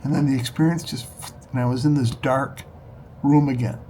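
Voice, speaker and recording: A man telling a personal story in an earnest, halting way, often restarting his sentences. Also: mid-range voice, steady tone, mellow, a little hiss or hum. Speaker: storyteller recounting a spiritual experience. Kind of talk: personal testimony.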